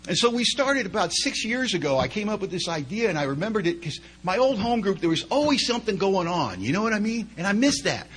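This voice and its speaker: Middle-aged man, slightly raised pitch, easygoing storyteller at a meeting, conversational with asides. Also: very animated, fast talker, hardly any pauses, fairly bright tone, breathy edge, low-quality recording. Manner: conversational, chatty with many asides. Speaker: speaker sharing at a recovery meeting. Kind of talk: storytelling talk.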